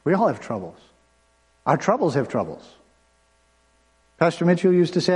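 A man preaching a sermon as pastor, conversational, with quick asides and bursts of fast talk. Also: fairly high pitch, sing-song, a little mellow, slightly rough. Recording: long hall reverb.

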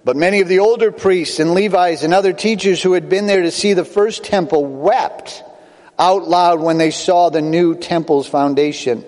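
An older man preaches from the pulpit, his somewhat high voice rushing ahead in bursts and then slowing on emphatic phrases. The sound rings out with a long reverb, like a church sanctuary. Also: a little mellow. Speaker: pastor. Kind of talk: sermon.

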